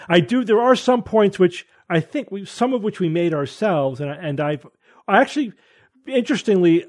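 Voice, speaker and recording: A man's voice: a little high, darkish tone. A man hosting a casual panel talk show, thinking aloud and hedging with frequent restarts. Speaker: podcast host.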